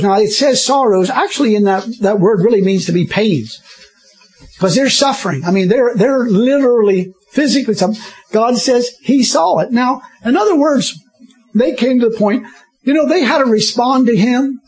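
A man's voice: high voice, expressive, moderate pace, a little mellow, breathy edge. A man preaching a sermon, often chuckling and breaking in with hallelujahs. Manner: chuckling often, interjecting hallelujahs, repeating himself.

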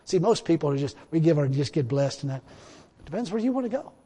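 A middle-aged male preacher delivers a sermon in a notably high voice. He is emphatic and repetitive, chuckling between points and calling out praise. The sound rings with the long reverb of a large hall. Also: animated, fast talker, dark tone, husky. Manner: emphatic, repetitive, punctuated with laughs and "Hallelujah".

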